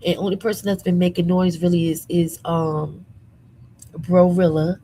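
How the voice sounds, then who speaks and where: A woman hosting a casual commentary show from her room at home, sassy and animated with lots of slang, a little under the weather. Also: lowish voice, moderate pace, rough recording. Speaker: commentary channel host.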